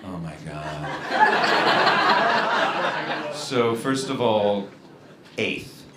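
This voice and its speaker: A man's voice: on the low side, very slow. A man performing a stand-up comedy set on a club stage, telling stories and acting out the people in them in put-on voices. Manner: animated, acts out characters in voices. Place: comedy club stage before a laughing audience. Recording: roomy club with loud audience noise.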